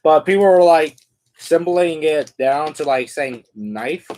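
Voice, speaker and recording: A man's voice: fairly high pitch, a little slow, a little hiss or hum. A man on a casual live stream who thinks aloud as he assembles a toy figure. He rambles and fills his talk with "like" and "and all that".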